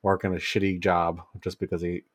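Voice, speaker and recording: A man's voice: low-pitched, fairly quick, no echo, clean studio sound. A man casually bantering on a podcast with friends, joking and swearing as he tells a story. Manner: joking, profane, animated storytelling. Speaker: podcast co-host.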